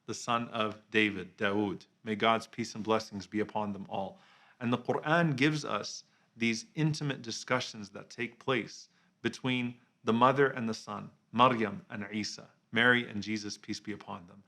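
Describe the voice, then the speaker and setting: A man giving a reflective religious talk as a preacher, earnest and measured, slowing down on key phrases and dropping softly on the honorific blessings. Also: medium pitch, gravelly. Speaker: Islamic preacher.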